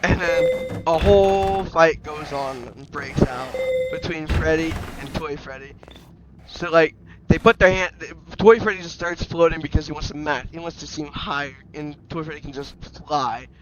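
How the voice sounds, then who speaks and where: A man narrating an improvised toy story in a rambling, excited way, restarting sentences and jumping into silly voices. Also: on the high side, normal speed. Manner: breaks into loud silly character voices. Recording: noisy home recording with clicks.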